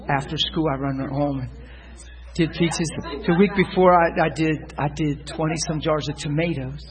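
A middle-aged man, a pastor, telling laughing stories in a sermon from the pulpit, dropping to a hush and then rising loud. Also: on the high side, low-quality recording. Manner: laughing, lively anecdotes, swings from hushed to loud. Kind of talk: sermon storytelling. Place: church pulpit.

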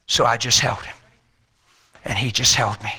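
A man telling an emotional personal faith story in an animated way, repeating words and acting out what people said. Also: mid-range voice, moderate pace, slightly rough. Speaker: speaker sharing a personal faith testimony.

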